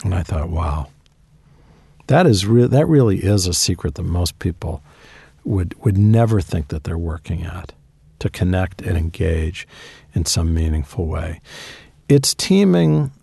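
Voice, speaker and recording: A man's voice: low-pitched, unhurried, gravelly, dark tone, husky, no room sound. A man being interviewed, telling anecdotes in a conversational way with emphatic asides. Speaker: guest author. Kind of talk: interview storytelling.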